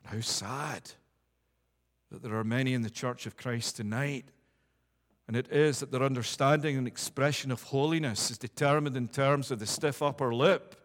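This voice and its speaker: A man's voice: medium pitch, fairly even intonation, moderate pace. A man preaching a sermon, emphatic and building repeated declarations with rising force. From United Kingdom. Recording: long hall reverb.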